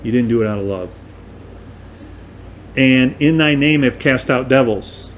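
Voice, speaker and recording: A man teaching through scripture verse by verse, talking in a conversational and emphatic way. His voice sits at an ordinary middle pitch. A faint hum of air conditioning runs behind him. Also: a little slow. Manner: conversational, emphatic, asks listeners "right?". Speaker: bible teacher. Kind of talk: verse-by-verse bible study.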